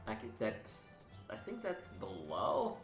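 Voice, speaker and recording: A man's voice: lowish voice, wildly swooping pitch, slow pace, echoey room, soft background music, rough recording. Sarcastic man muttering over gameplay. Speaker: let's play host. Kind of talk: casual gameplay commentary.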